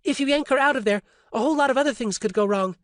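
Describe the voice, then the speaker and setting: Male audiobook narrator doing a bold, insistent young woman, lifted high above his own voice. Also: rapid-fire, dry recording, studio quality, natural voice. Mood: urgent. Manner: insistent, blunt.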